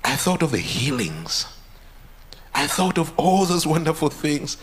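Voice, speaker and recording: Earnest pastor, higher voice. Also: male voice, sing-song, unhurried, breathy edge. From Uganda. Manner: earnest, repeats phrases with rising intensity. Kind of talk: testimony sermon.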